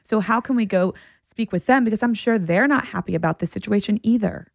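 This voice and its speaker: A woman co-hosting a podcast, telling stories in a relaxed, reflective casual chat. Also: mid-range voice, fairly quick, creaky, no room sound, studio quality. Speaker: podcast co-host.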